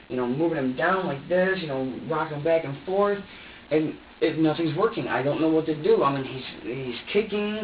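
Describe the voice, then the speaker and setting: In a police interview room, a man with a rather high voice speaks briskly as he's interrogated, his anxious statement full of repetition and restarted sentences. A room recorder placed far away yields distant, roomy, dull lo-fi audio with faint hiss.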